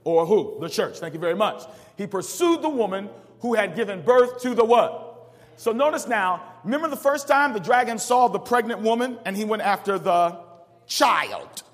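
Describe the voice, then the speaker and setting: A male pastor preaching a call-and-response sermon, reading verses aloud and pausing for the congregation to fill in the words. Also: sits high, expressive, in a large hall. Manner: preaches with rising call-outs and asks the congregation to finish verses.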